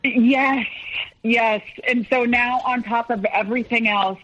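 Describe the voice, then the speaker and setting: A woman guest recounting a personal story in a hesitant, halting way. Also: fairly high pitch, fairly even intonation, a bit bright, highs cut off, a little hiss or hum. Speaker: podcast guest.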